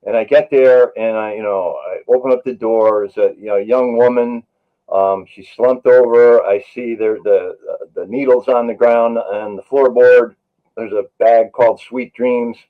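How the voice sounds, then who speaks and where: Brief: male paramedic guest, mid-pitch, earnest anecdotal storyteller, slightly muffled lo-fi recording. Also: fairly even intonation, a little slow. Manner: earnest, anecdotal, many "you know" fillers. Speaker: paramedic and author, interview guest. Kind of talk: storytelling in a podcast interview.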